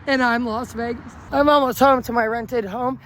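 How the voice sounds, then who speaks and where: A high-pitched woman rambles flamboyantly into her phone while she walks a downtown street at night. She jumps from one topic to the next in a loose, unscripted livestream. A faint hiss of street noise sits behind her voice. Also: fairly even intonation, normal speed, fairly bright tone.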